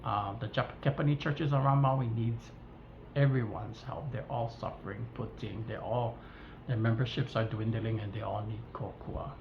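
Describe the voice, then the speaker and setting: A woman's voice: extremely low pitch, normal speed, vocal fry. A woman from Hawaii with a Hawaiian Pidgin-tinged accent, vlogging a casual rant to her viewers and acting out the dialogue as she tells the story. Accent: Hawaiian Pidgin-tinged English. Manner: animated storytelling, acts out dialogue. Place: home kitchen. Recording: roomy, slightly dull, faint hiss.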